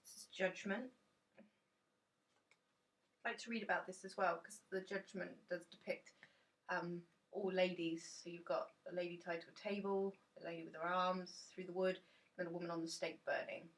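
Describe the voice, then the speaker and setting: A woman's voice: on the low side, steady tone, moderate pace, recorded from a distance. A woman chatting enthusiastically and rambling casually about a tarot deck in a dim room.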